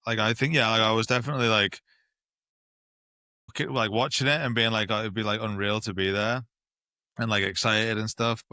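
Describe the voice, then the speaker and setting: A man's voice: lowish voice, steady tone, moderate pace, pauses often, sharp tone, clear, resonant tone, no echo. A man co-hosting a podcast, speaking hesitantly in casual chat with many fillers. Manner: hesitant, filler-heavy talker. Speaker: podcast co-host.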